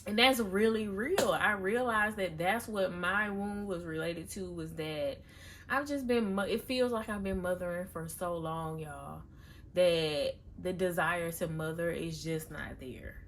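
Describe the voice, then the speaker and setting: A woman's voice: fairly low pitch, unhurried, slight background noise. A young woman talking candidly and confessionally in a casual personal vlog, chatting to her viewers. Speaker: vlogger.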